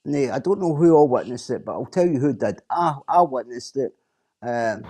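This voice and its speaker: A man's voice: mid-range voice, mellow, a little hiss or hum. Sweary Scottish man ranting. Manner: blunt, sweary and repetitive. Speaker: streamer. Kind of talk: casual chat.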